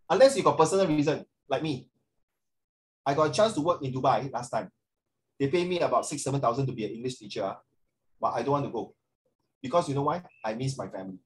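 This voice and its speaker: A man's voice: a little high, a little hiss or hum, low-quality recording. A middle-aged Singaporean man giving a chatty classroom lecture as a social studies teacher, with frequent rhetorical tag questions.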